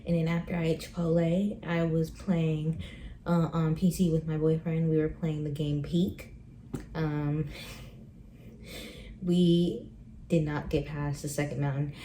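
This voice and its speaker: Vlogging at home, a pregnant young book lover chats cheerfully about her reading and daily life, filling gaps with "um" and "like." Her low, mellow voice stays fairly level in pitch, moving a little slowly with frequent pauses over slight background noise.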